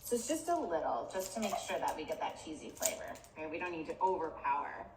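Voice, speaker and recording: A woman's voice: sits low, expressive, fast. Upbeat female cooking host, distant echoey audio, noisy. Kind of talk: cooking demonstration.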